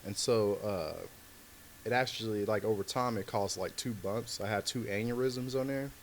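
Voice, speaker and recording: A comedian guest in a podcast studio tells a story in loose, slangy talk packed with filler words. His voice is on the low side at normal speed, with a little hiss or hum.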